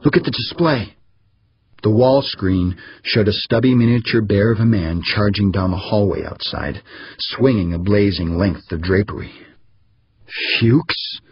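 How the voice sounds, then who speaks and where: Male narrator, audiobook, steady measured reading, husky deep voice, dull dry sound. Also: no room sound. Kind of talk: scripted narration.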